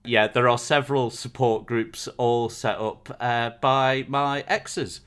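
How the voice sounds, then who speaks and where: A man's voice: mid-range voice, steady tone, slow pace, a bit bright, smooth. A man, a podcast co-host and comedian, telling an anecdote with lots of laughter in casual chat.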